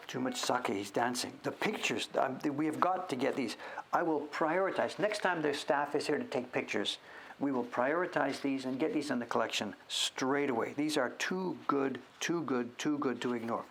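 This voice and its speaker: A man hosting a casual show-and-tell, thinking aloud as he sounds out names, sometimes dropping to a whisper and breaking into excited praise. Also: medium pitch, moderate pace, creaky, slight background noise. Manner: drops to whispers now and then. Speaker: host.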